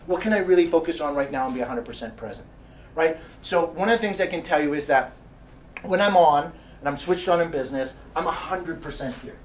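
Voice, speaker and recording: Energetic male seminar presenter, distant mic. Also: fairly high pitch. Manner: keeps asking the audience "right?" and "how many know"; energetic, with restarts and repetition. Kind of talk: motivational seminar talk. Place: meeting room with a live audience. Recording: distant mic with faint background noise.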